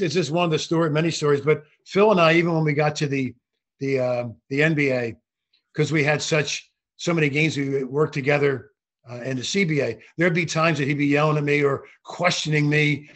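A man's voice: on the high side, brisk. Older man telling referee stories. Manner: animated anecdotes with restarts and acted quotes. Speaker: guest, former basketball referee. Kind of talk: casual storytelling interview.

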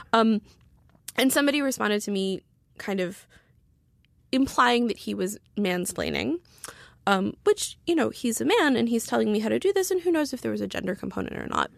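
A woman's voice: mid-range voice, very animated, brisk, gravelly, dry recording. A woman telling a story in casual podcast chat, chatty with many fillers and sarcastic asides. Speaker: guest, writer.

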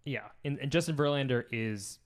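Casting: easygoing male co-host, mid-pitch, dry humor, casual sports talk. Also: normal speed. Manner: laid-back, dry jokes, does impressions. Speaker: podcast co-host.

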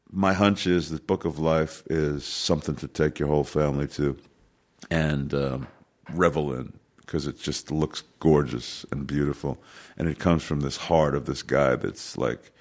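A man's voice: rumbling low, darkish tone. A man chatting casually as a podcast guest, rambling with frequent restarts and repeated words. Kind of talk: casual conversation.

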